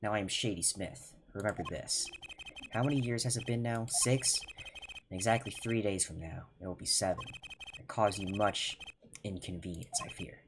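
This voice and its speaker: A man's voice: lowish voice, background noise, natural voice. A man doing a cold poker master with a fake Russian accent. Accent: Russian put-on. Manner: slow, formal, intimidating. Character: cool, menacing male poker champion, older magician. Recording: loud game music underneath.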